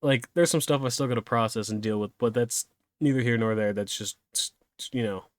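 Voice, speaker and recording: A man's voice: mid-range voice, a little fast, dry recording. A young man hosting a solo podcast, rambling and self-deprecating, laughing easily as he chats. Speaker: podcast host.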